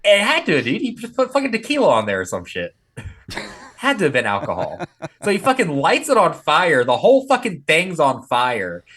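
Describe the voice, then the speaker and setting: A middle-aged man co-hosting a podcast, telling animated, profane stories in casual chat. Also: on the high side, normal speed. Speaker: podcast co-host.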